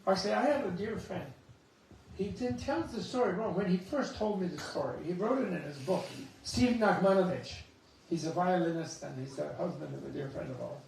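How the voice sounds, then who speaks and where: Gravelly man telling stories in echoey hall. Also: sits high, fairly quick, a little hiss or hum. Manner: animated storyteller, chuckling asides. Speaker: Buddhist scholar giving a talk. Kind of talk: dharma talk with anecdotes. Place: temple hall. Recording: echoey hall, mic at a distance.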